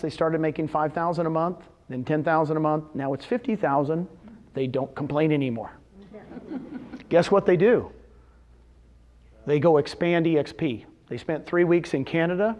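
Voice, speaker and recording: A man speaking live to a room of real estate agents, animated and quizzing his audience with questions, often acting out what others told him. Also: a little high, highs cut off. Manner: retells conversations in quoted voices. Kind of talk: live seminar talk.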